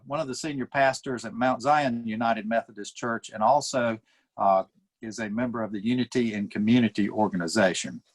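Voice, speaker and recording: Male town mayor, mid-pitched voice, hosting, fillers, video call. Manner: warm introductions with many fillers. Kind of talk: introducing panelists.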